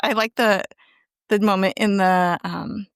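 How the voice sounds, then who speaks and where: With a clear, resonant voice of medium pitch and a measured pace, a podcast co-host gives a casual, animated rundown of an episode, voicing the characters' lines herself. There's no echo, and the sound is studio quality.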